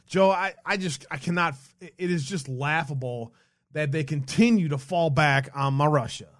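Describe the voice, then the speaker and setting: Man, fairly high voice, dry close sound, sarcastic livestream co-host, swears, mocking asides. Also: moderate pace, a bit bright, no echo. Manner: sarcastic, profane, reads headlines aloud with mocking asides. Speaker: podcast co-host. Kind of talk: casual political livestream chat.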